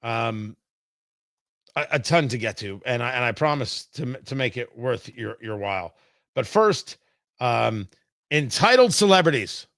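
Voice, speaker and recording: A man's voice: medium pitch, expressive, a little slow, fairly bright tone, dry recording, studio quality. A man hosting a political talk show, talking in a combative, emphatic way.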